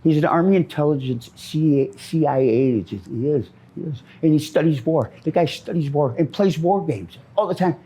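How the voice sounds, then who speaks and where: A man's voice: fairly high pitch, fairly quick, dark tone, husky. A middle-aged man from Minnesota answering interview questions on the street, rambling, repeating himself and often ending with "man.".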